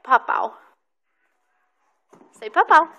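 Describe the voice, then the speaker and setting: Holding her phone camera, a woman records a toddler at home, sing-songing words for the child to repeat and offering frequent praise with patience. She speaks slowly in a pushed, bright voice, and the sound is lo-fi.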